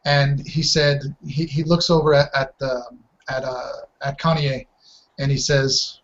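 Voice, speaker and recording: A man narrating as dungeon master in a slow, halting way, over a muffled voice chat. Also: mid-range voice, little pitch movement. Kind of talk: narrating a tabletop game.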